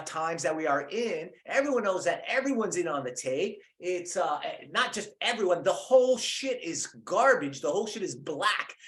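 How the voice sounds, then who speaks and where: Casting note: heated man, high-pitched, profane ranting commentator. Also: fairly bright tone. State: in pain from a cracked collarbone. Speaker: political commentator. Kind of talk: angry conspiracy rant.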